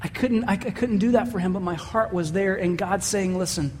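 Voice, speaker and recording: A man's voice: high voice, normal speed, a little mellow, long reverb tail, a little hiss or hum. A man preaching a sermon as pastor, telling a story and acting out the voices he quotes.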